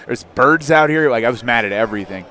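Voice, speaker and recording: A man in his thirties, a podcast guest, telling a personal story in a candid, animated way with frequent fillers. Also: mid-range voice, fast. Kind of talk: casual storytelling.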